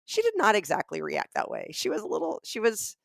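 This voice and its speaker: Brisk and gravelly in the mid range, this Southern podcast co-host, middle-aged with a Southern US accent, spins a funny story. She's animated, voicing the dialogue of each person involved. The recording is dry and studio quality.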